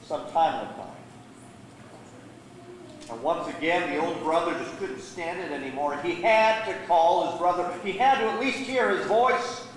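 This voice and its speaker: A man's voice: sits high, moderate pace, far from the mic, slight background noise. A man, a guest preacher, telling a sermon story with dramatic, varied delivery in a church sanctuary. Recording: echoey church hall.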